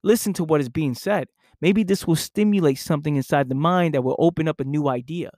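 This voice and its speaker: A man hosting his own podcast, talking slowly and deliberately in a reflective monologue, often repeating phrases for emphasis. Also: on the high side, a little mellow, dry recording, clean studio sound. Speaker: podcast host, personal coach.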